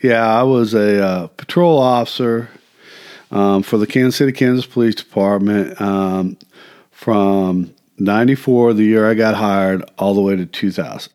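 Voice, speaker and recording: Man, ex-patrol officer, smooth resonant voice, plain intro. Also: lowish voice, fairly even intonation, unhurried, a little mellow. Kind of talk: introduction to camera.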